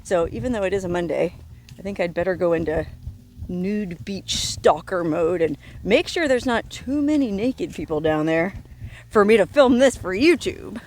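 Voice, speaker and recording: A woman's voice: on the low side, animated, normal speed, a little mellow, slight background noise. A woman narrating a travel vlog outdoors on a coastal trail, in a wry, joking, self-mocking way. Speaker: travel vlogger.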